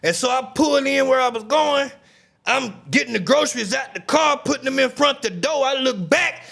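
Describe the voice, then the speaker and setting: A man hosting a live stream, telling a story in an animated, profane way and often shouting. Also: extremely high pitch, normal speed, gravelly. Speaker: streamer host. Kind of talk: casual live-stream commentary.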